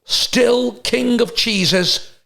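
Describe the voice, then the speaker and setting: A man's voice: very high-pitched, vocal fry, sharp tone, pitched above the performer's own voice, full character voice. A man voicing a pompous male presenter who fawns over cheese, drawing his words out theatrically. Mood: gushing. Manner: drawn-out, gushing and theatrical.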